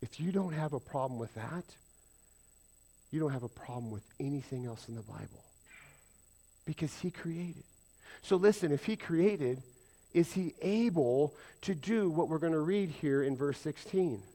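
Emphatic preacher man, loud then hushed. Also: fairly high pitch, animated, normal speed. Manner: emphatic, questions the congregation, swings from loud to soft. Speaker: pastor. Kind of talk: sermon.

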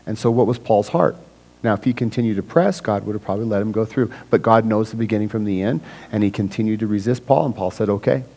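A man preaching to his church in a conversational way, often acting out little scenes with other people's voices. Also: rough recording. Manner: conversational preaching, acts out voices of people with big swings in pitch and loudness. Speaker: pastor. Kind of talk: sermon.

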